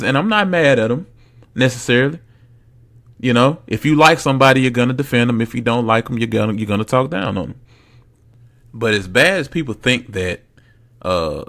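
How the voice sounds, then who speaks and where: A young man hosts a casual solo sports podcast. He's blunt, slangy, and mocking, swinging between loud bursts and low asides.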